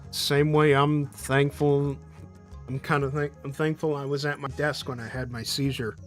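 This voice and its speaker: A man's voice: medium pitch, little pitch movement, moderate pace, faint music behind. A man chatting casually on a live stream, rambling and loosely profane, often restarting his sentences.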